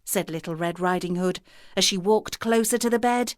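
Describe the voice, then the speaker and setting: A woman reading a fairy tale aloud for children in a slow, expressive storybook manner. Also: lowish voice, dry recording, clean studio sound.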